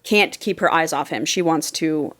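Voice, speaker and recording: A woman's voice: low voice, moderate pace, fairly bright tone. A woman co-hosting a podcast, recapping a book in casual chat, chatty and swearing freely. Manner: chatty storyteller, swears freely, acts out quotes. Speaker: podcast co-host.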